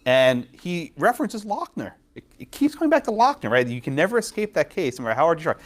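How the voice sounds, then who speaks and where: A man lecturing a law class, quizzing students and tagging points with quick questions. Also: on the high side. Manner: lively, quizzes students, frequent tag questions. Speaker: law professor.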